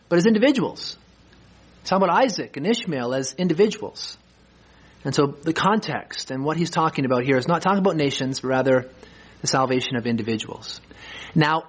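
A man's voice: fairly high pitch, husky, rough recording. A man preaching an expository sermon as pastor, earnest and emphatic, posing rhetorical questions.

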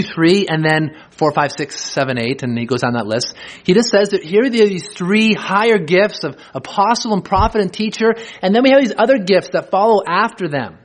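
Man, high voice, sermon preacher, slow scripture reading, rhetorical questions. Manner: reads verses slowly, then explains with rhetorical questions.

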